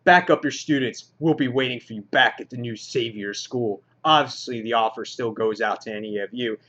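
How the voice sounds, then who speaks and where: A man voicing a calm, formal male team leader, in a lo-fi recording. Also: medium pitch, moderate pace, voice pushed down, lightly acted.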